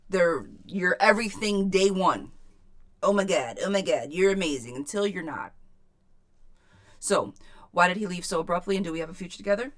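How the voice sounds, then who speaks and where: A woman giving a live tarot reading to viewers, chatty and frank, swearing casually and calling people sweetheart. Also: on the low side. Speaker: tarot reader.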